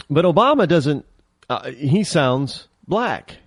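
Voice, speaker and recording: A man's voice: mid-range voice, dry recording, studio quality. A man hosting his own talk show, delivering a rambling, opinionated monologue with many restarts and fillers.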